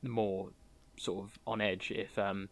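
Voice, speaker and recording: A man with a somewhat low voice, chatting loosely about horror films. He is playful and talkative and keeps slipping into acted-out bits of scenes. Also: flat delivery, slow, a bit bright. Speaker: podcast co-host. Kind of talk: casual film review chat.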